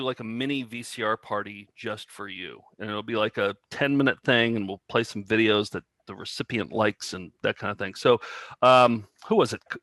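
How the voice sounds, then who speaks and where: A man's voice: medium pitch, fairly bright tone, dry recording. A middle-aged man co-hosting a casual chat show, rambling with lots of fillers and restarts. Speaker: co-host.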